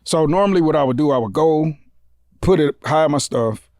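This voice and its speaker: A man's voice: on the high side, animated, moderate pace, a little mellow, no echo, studio quality. A man from Detroit, a comedian guest, telling street stories in casual, profane podcast talk and acting out the voices.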